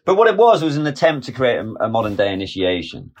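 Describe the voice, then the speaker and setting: A man's voice: mid-range voice, huge pitch swings, fast talker. A man in his forties, a film director guest, telling a candid personal story with emphatic, freely profane speech. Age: 40s.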